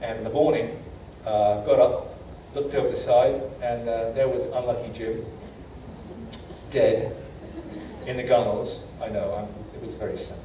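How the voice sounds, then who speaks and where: A man's voice: medium pitch, steady tone, normal speed, warm tone, muffled recording. British man lecturing in an echoey hall. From Britain. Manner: anecdotal, self-deprecating, many fillers. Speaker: guest lecturer. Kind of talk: humorous travel lecture. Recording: echoey hall from far off, faint hiss.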